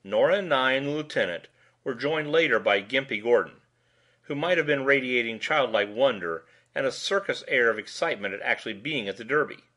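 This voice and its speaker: A man's voice: medium pitch, expressive, a little fast, bright, forceful tone. A man reading a short story aloud in a dry, wry first-person narration.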